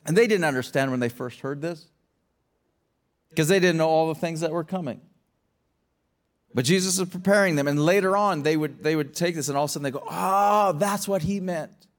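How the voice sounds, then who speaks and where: A high-voiced male pastor delivering a sermon. He talks in an earnest, emphatic way, stumbling over and repeating words as his thoughts build, then lands on pointed rhetorical questions. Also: fairly quick, pauses often.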